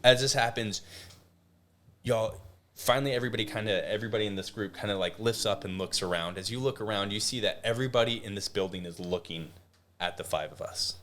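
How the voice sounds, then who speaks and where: A man's voice: fairly low pitch, fairly quick, a bit bright, slight background noise. A man narrating a tabletop game as game master, casual and full of restarts. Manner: casual, many fillers and restarts.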